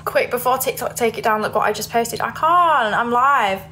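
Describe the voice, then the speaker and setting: Brief: giggly young Yorkshire woman, a bit high, phone livestream, faint noise. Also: normal speed, sharp tone. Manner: chatty, giggly, reads comments aloud. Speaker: livestreamer reading viewer comments. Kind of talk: casual livestream chat.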